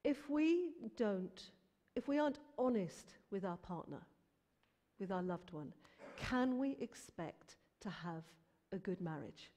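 Woman in her 50s, mid pitch, earnest faith testimony, long church-like reverb. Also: slow pace. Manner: earnest and animated, rising emphatic bursts. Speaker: Christian musician guest. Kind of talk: personal faith testimony in an interview.

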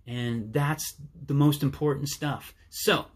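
A man's voice: medium pitch, normal speed. A man hosting his own channel, explaining his gear in a casual, eager way with some fillers and restarts. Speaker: channel host.

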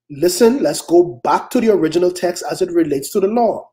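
A male pastor delivers an emphatic sermon in a voice on the high side, swinging into quick acted-out prayers and sharp, rising challenges.

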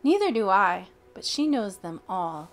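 Expressive woman reading a picture book. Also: mid-range voice, unhurried. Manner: expressive, childlike storytelling. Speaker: storyteller.

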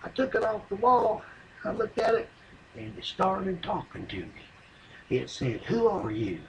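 A man with a drawl rambles through a profane comic story in plain folksy grammar. His voice sits high for a man. The recording carries clear background noise. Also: huge pitch swings, a little slow, highs cut off. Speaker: comedian telling a story. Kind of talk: stand-up comedy monologue.

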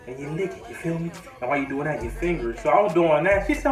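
A man's voice: fairly high pitch, expressive, fast talker, few pauses. A man telling a crude, slangy story-time tale to his vlog audience with a swaggering manner. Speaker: vlogger. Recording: roomy, from a distance, faint music.

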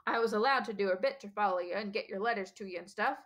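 A woman voicing a huge, bearded male gamekeeper who is gruff but kindly and speaks in a rough, folksy country dialect. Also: mid-range voice, fast, a bit bright, close to an everyday voice. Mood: rueful.

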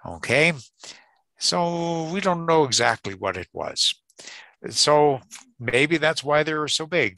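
Slow, lively man lecturing. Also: medium pitch, dry recording. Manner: chatty, jokey, checks in with "okay?" and "right?"; chuckles at his own jokes. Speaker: creation science seminar speaker. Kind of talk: live seminar lecture.

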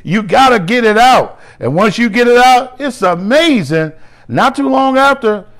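A middle-aged man preaching a sermon, animated, with shouted exclamations and slow, drawn-out scripture reading. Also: very high-pitched. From United States. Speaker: bishop and pastor.

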